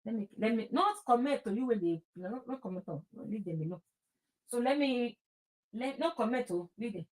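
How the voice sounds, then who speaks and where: A woman's voice: on the high side, expressive, a little mellow. A Nigerian woman with a stammer, hosting an online show and mixing Nigerian Pidgin into a casual monologue. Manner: stammering, mixes Nigerian Pidgin and Yoruba, often rushes. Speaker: host.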